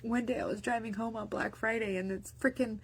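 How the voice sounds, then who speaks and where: A woman with a soft, breathy voice talks to camera in a loose spoken diary. She rambles along, restarting her sentences and filling gaps with fillers. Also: fairly high pitch, fairly even intonation, fairly quick. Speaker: mindset vlogger and business owner. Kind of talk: casual spoken diary monologue.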